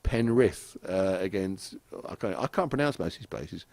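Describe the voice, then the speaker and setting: A man's voice: low-pitched, expressive, moderate pace, creaky, darkish tone, no room sound. A middle-aged man from England, telling rambling anecdotes with frequent chuckles as a podcast guest in casual chat. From southeast England.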